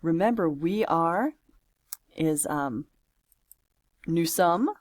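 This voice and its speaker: A woman's voice: lowish voice, animated, unhurried, darkish tone, no room sound. A woman French teacher walking through a homework exercise step by step, talking it through aloud in a patient, chatty way. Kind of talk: screen-recorded homework walkthrough.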